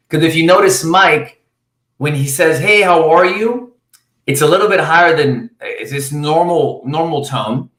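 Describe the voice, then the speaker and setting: A man coaching cold calling live from his office, talking with high energy. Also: a bit bright, echoey room. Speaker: sales coach.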